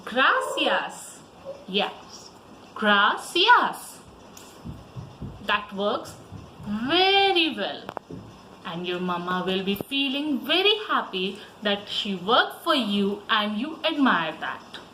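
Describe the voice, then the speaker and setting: A woman teacher with an Indian English accent, giving a slow, sing-song language lesson to young children. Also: mid-range voice, echoey room, slight background noise, poor audio. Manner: slow, lively, sing-song teaching voice with repeat-after-me prompts.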